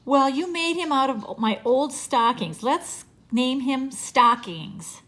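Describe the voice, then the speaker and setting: A woman's voice: high voice, expressive, slow, a bit bright, pitched above the performer's own voice, exaggerated voice. A woman reading aloud and voicing a small, eager boy who begs and plays. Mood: cheerful. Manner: pleading, childlike.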